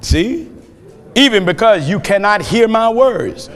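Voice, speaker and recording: A man preaching a fiery sermon, shouting his points with chuckling asides between them. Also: sits high, big pitch swings, slow. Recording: long hall reverb.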